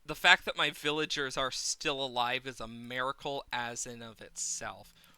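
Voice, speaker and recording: A man's voice: medium pitch, normal speed, bright, forceful tone, clean tone, no echo. A man streaming a game live, talking to himself with exasperated running commentary, swearing at the game and counting under his breath into a desk mic.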